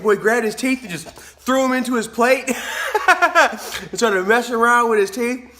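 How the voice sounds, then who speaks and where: A man's voice: very high voice, normal speed, bright, forceful tone. A man, vlogging casually, telling rambling stories, laughing often and swearing freely. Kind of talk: casual vlog storytelling.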